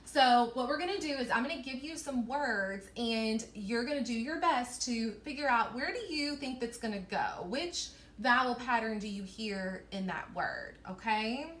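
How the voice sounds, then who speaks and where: A woman teacher giving a recorded online reading lesson to young children, slowly stretching out and sounding out words in a sing-song way. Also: a little high, a bit bright. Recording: echoey room.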